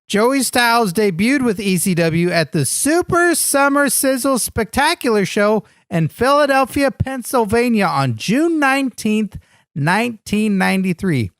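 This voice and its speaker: A man co-hosting a comedy wrestling podcast, goofy and deadpan in his banter. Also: sits high, a little slow, dry recording, clean studio sound. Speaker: podcast co-host.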